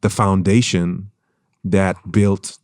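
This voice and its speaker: Deep-voiced man with a German lilt. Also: little pitch movement, a little mellow, no room sound. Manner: reflective, measured, with many restarts. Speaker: guest actor. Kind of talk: casual interview. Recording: dry studio sound.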